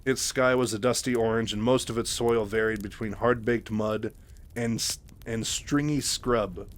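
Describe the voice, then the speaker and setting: A man recaps a book chapter by chapter in a loose, rambling way, full of fillers and restarts. His voice sits at an ordinary middle pitch. It is casual, unscripted storytelling. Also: fairly even intonation, normal speed. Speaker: narrator.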